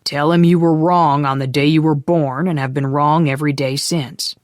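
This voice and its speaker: A narrator voicing a calm older man who gives advice slowly. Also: medium pitch, no room sound, clean studio sound, close to an everyday voice. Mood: advising. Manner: slow, advising.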